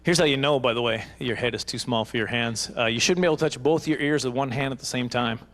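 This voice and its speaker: A man's voice: mid-range voice, fast talker, a bit bright. A man doing self-deprecating, rambling stand-up comedy at a live banquet.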